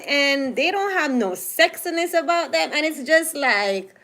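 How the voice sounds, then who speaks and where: Animated Jamaican woman with a higher voice. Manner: animated, opinionated, drawn-out emphatic phrases. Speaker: commentary host. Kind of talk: casual commentary monologue.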